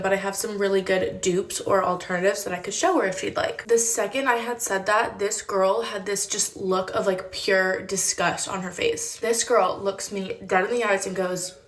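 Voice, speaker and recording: A woman's voice: medium pitch, steady tone, moderate pace, few pauses, roomy sound. A woman and former store employee telling a casual storytime vlog, chatty and full of "like" fillers, acting out the people she quotes. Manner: chatty, many "like" fillers, acts out quoted voices.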